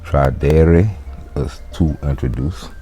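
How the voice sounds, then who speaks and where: A man's voice: a bass voice, slow pace, warm tone, faint music behind. A man teaching a casual language lesson, explaining loosely with fillers and restarts. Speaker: Latin teacher.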